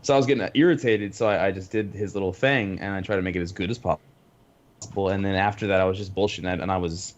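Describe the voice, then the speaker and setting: A man's voice: low-pitched, fairly even intonation, quick pace, muffled recording. An Australian man in casual gaming chat, stammering with laughing asides. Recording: audible background hiss.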